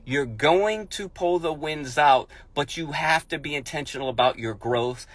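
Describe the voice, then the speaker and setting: A man's voice: a little high, measured pace, fairly bright tone. A man speaking as a motivational speaker, giving an emphatic pep talk. He repeats his points and leans on sports metaphors. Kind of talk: motivational monologue.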